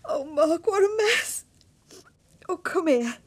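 A woman's voice: extremely high pitch, expressive, slow pace, full character voice. An actress playing a flustered woman caught between two men, defensive and pleading, in a soap opera. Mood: upset.

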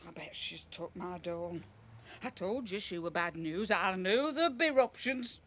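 A woman's voice: on the low side, lively intonation, unhurried. An actress playing a drunk, distraught mother whose daughter has run away, in a soap opera. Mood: bitter. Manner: slurred, pleading.

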